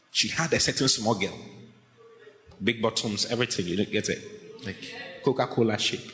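Animated pastor in an echoey hall. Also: male voice, on the low side, moderate pace, pauses often. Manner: animated, laughing, acts out quoted voices. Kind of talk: sermon. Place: church hall.

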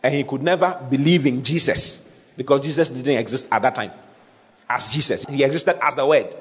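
A man preaching a teaching sermon, repeating key phrases and checking that his listeners follow. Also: on the high side. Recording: long hall reverb.

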